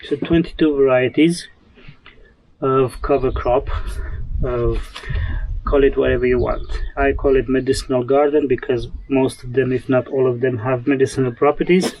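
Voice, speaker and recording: A man's voice: medium pitch, fairly even intonation, moderate pace, a little mellow, a little hiss or hum, poor audio. A man talking casually while sowing seeds in his garden, chatty and self-mocking, rambling as he goes. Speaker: homesteader vlogger.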